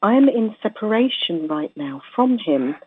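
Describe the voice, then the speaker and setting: A woman's voice: mid-range voice, big pitch swings, moderate pace, slightly rough, no echo. A woman caller, polite and a little hesitant, asking for help. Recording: tinny phone line.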